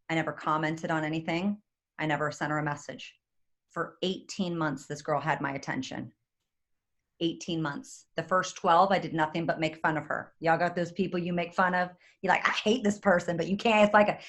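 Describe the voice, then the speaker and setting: A woman, giving an excitable, chatty motivational talk on a video call and speaking straight to her audience. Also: fairly low pitch. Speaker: guest speaker.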